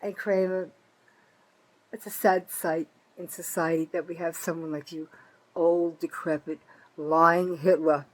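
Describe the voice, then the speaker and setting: A woman's voice: level tone, a little slow, rough recording. Angry older New woman ranting. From North Jersey, USA. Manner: bitter, profane, swings from loud outbursts to low muttering. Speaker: vlogger. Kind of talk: angry political rant to camera.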